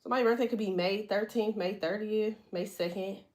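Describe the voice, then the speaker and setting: A woman's voice: mid-range voice, steady tone, a little fast, a little mellow. A woman giving a casual tarot reading, blunt and profane, chatting freely with her viewers. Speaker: tarot reader.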